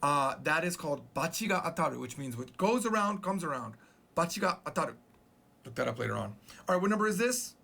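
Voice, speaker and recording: A man's voice: a little high, big pitch swings, fast talker, vocal fry, pushed and bright. A man teaching a casual Japanese numbers lesson, playful and joking as he goes.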